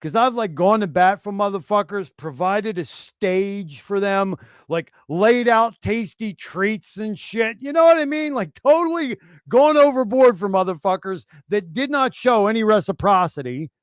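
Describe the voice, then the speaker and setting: A man hosting a casual livestream, talking in a profane, animated way and acting out mocking voices. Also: sits high, normal speed, smooth, no room sound, studio quality. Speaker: podcast host.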